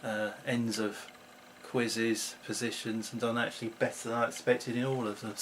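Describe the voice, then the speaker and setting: A man's voice: mid-range voice, flat delivery, normal speed, a bit bright, a little hiss or hum. A middle-aged man, chatting to camera at home in a rambling, self-mocking way. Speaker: vlogger. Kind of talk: casual chat to camera.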